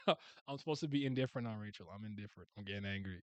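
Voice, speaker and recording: A man giving casual reaction commentary as a video host, excitable and often laughing and swearing. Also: fairly low pitch, fast talker, clean tone, no room sound.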